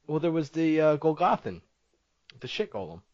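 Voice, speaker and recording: A man's voice: on the high side, big pitch swings, moderate pace, darkish tone, no room sound. A young man co-hosting a podcast in casual chat, teasing his friend and laughing often. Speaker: podcast co-host. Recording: dull lo-fi podcast audio.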